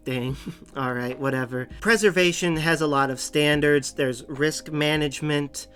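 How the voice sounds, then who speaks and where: A man's voice: on the high side, unhurried. A man with a Boston accent giving a casual, rambling info-dump monologue as a channel host, often correcting himself mid-sentence. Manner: rambling, with self-corrections and small laughs. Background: soft background music.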